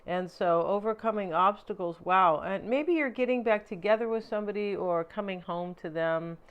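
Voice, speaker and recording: A woman's voice: medium pitch, normal speed, smooth, dull audio. A woman giving a tarot card reading in a chatty, rambling way, with many fillers and asides. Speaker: tarot reader. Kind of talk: casual tarot reading monologue.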